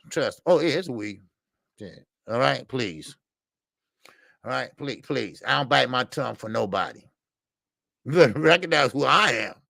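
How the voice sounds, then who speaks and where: A man's voice: medium pitch, vocal fry, pushed and bright, no room sound. A man hosting a boxing livestream, ranting bluntly and profanely, repeating himself as he heats up. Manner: blunt, profane, repetitive, heated. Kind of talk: heated livestream rant.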